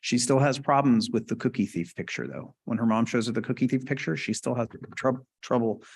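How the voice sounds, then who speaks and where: A man gives a conversational clinical lecture on stroke speech therapy at a conference, often checking in with the audience. His medium-pitched voice has lively intonation, vocal fry, and a breathy edge, and he speaks fairly quickly.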